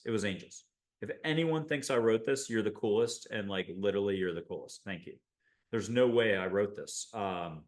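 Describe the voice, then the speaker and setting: A man from the United States hosting a spiritual show, talking in an enthusiastic, rambling monologue full of animated asides. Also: fairly low pitch. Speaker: host.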